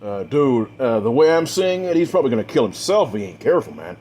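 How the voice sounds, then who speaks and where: A man's voice: mid-range voice, sing-song, fast, dark tone, voice pushed up. A man doing a slangy, laid-back young dude. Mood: skeptical. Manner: casual, drawling slang with fillers.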